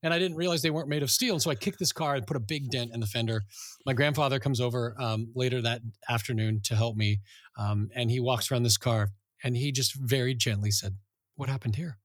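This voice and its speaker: A middle-aged man co-hosting a podcast, telling stories in a chatty, animated way. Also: medium pitch, fast, no room sound, clean studio sound. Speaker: podcast co-host. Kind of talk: casual chat, storytelling.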